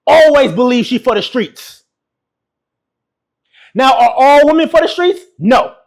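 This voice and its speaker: A man's voice: very high-pitched, lively intonation, a little slow. A man giving brash, mocking reaction commentary. He laughs often and keeps repeating his insults. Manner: laughs often while talking. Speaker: YouTube relationship commentator.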